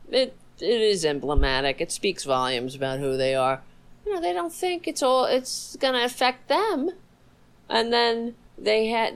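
A woman hosts a casual political livestream in a sarcastic, profane tone. Her voice sits low and moves slowly, with big swings in pitch, and she breaks off to talk to her dog. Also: poor audio. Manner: sarcastic, swearing, chatting to her dog between topics. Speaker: livestream host.

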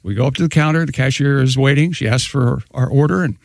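A man's voice: medium pitch, fast, creaky, no echo. A man co-hosting a radio show, reading listener letters aloud and chatting with the crew. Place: radio studio.

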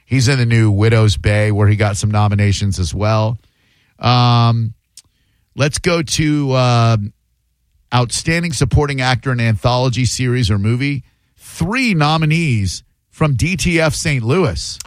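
A man's voice: mid-range voice, measured pace, no echo. Man, radio host, casual banter, sarcastic, dry room. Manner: sarcastic, teasing.

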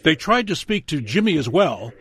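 Man, true-crime narrator, emphatic, animated delivery, slightly high voice, music bed behind. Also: moderate pace. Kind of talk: scripted documentary narration. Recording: studio voice-over over music.

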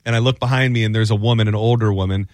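A man's voice: fairly low pitch, racing, no echo. A man in his thirties co-hosting a talk show, telling rambling stories and acting out what people said. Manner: rambling, animated storyteller who acts out quotes. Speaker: radio show co-host. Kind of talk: casual banter storytelling.

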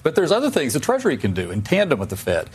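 A man speaking as an investment manager guest on a TV panel, emphatic and quick to make his case. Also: medium pitch, huge pitch swings, slightly rough. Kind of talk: live TV panel discussion.

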